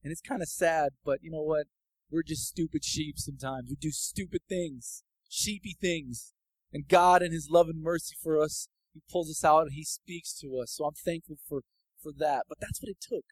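A man giving a casual, personal sermon testimony that builds into fervent, loud preaching. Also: fairly high pitch, fairly even intonation, moderate pace, dry recording, low-quality recording.

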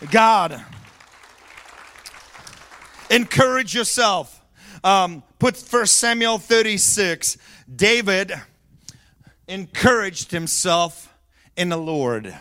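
Bright-voiced preacher man, yelling in bursts. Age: middle-aged or older. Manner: swings from soft and low to yelling at high pitch. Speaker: pastor. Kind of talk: sermon.

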